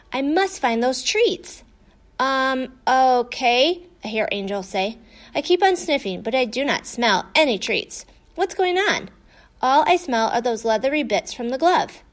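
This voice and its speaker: Woman, high voice, lively storybook narration. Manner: lively, voices the dogs' dialogue. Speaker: audiobook narrator.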